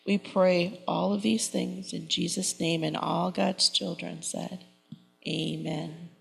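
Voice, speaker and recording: A woman giving a children's message and prayer in simple, gentle words. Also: on the low side, steady tone, takes it slowly, vocal fry, husky, poor audio.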